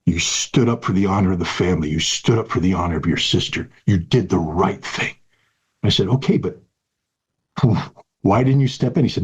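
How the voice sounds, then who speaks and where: A man's voice: sits low, moderate pace, breathy edge, muffled recording. A man in his sixties in an interview, telling a personal story in an earnest, emphatic way and repeating key phrases. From United States. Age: 60s. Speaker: guest.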